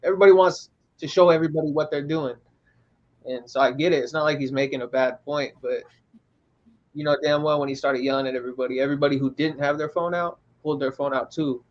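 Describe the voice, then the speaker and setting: A man co-hosting a podcast who reasons aloud in an animated, casual way. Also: medium pitch, fast talker. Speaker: podcast co-host. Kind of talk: casual chat. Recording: dull lo-fi sound.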